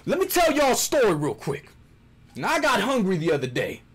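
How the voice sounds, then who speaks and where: A man's voice: high-pitched, huge pitch swings, a little fast, fairly bright tone, husky. A man, a gaming video creator, delivering a profane, theatrical comedic rant. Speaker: gaming YouTuber.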